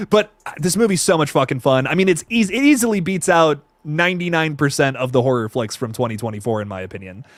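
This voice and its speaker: Excitable young man chatting on a livestream. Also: fairly high pitch, a little fast, dry recording. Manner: excitable, profane, reads chat comments aloud. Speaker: horror movie reviewer on livestream. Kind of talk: casual livestream chat.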